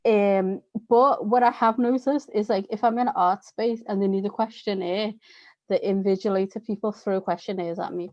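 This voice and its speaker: A woman's voice: mid-range voice, moderate pace, no echo, lo-fi sound. Dry-sounding Northern English woman. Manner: candid, animated storytelling. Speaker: guest artist. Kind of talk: casual chat at a live podcast.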